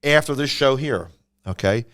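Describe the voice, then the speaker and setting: Male comedian host, smooth and clear, lively storyteller, casual podcast. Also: mid-range voice, normal speed. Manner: animated storyteller.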